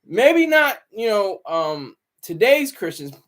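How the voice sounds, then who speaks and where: A man's voice: high-pitched, very animated, slow, fairly bright tone. A man giving casual, rambling livestream commentary, often breaking off mid-sentence and chuckling. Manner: rambling, self-interrupting.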